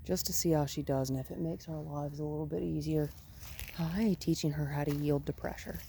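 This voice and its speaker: A woman with a low voice coaches a dog on a walk, explaining her technique as she goes. She talks in a calm, coaxing way, dropping in quick praise between points. Steady outdoor noise sits behind her voice. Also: creaky. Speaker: dog trainer. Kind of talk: instructional walk-along narration. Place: outdoors on a residential road.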